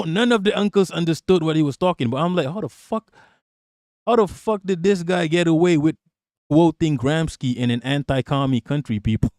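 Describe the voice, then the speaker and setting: Male stream host from Malaysia, profane and jokey, slightly high voice, dry sound. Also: darkish tone, dry recording. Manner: profane, joking, reads chat aloud. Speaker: livestream host. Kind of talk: casual political rant on a livestream.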